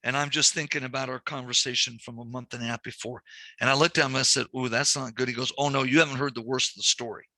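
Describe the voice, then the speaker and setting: A banking instructor runs a recorded training lecture, walking through numbers step by step and telling animated stories with quoted dialogue. He talks fast in a mid-range voice, and the recording is dry.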